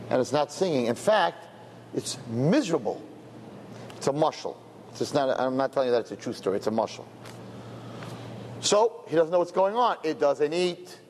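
A man, a rabbi, telling a parable in a sermon as an animated storyteller who drops in Yiddish words. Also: medium pitch. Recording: lecture hall reverb, faint noise.

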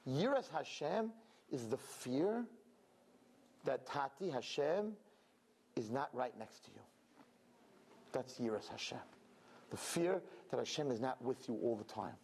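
A man, a rabbi, giving an animated and emphatic sermon in which he acts out quoted speech. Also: mid-range voice, measured pace, long pauses, breathy edge. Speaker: rabbi preaching.

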